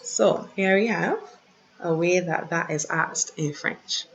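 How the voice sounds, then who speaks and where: Lady teacher going through french phrases real slow, lowish voice, kinda dull lo-fi computer mic sound. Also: lively intonation, husky. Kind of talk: online French lesson.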